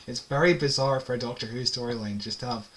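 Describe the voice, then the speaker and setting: Bright-voiced, chatty man co-hosting a podcast. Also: mid-range voice, quick pace. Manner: chatty, laughs easily, shares trivia. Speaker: podcast co-host. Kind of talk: casual review chat.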